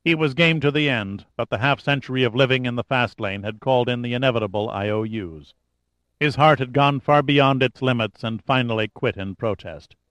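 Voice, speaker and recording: A man giving a steady, dramatic narration of a thriller audiobook. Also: mid-range voice, brisk, no room sound. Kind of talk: scripted narration.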